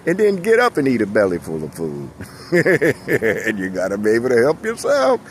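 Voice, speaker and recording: A middle-aged man delivers a casual motivational talk in a folksy, rambling way. His voice rises and falls with lively energy and he breaks into frequent chuckles. A faint hum of passing vehicles sits in the background. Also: mid-range voice, a little slow.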